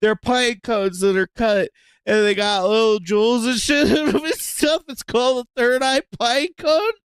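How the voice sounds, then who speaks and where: A man hosting a livestream, giving casual, profane, excitable commentary and laughing often. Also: very high-pitched, moderate pace, clean tone, no echo. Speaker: livestream host.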